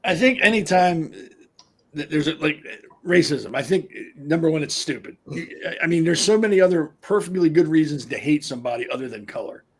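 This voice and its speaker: A man co-hosting a panel show, talking bluntly and emphatically with a husky voice. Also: on the high side, animated, brisk. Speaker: co-host. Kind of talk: opinionated panel talk.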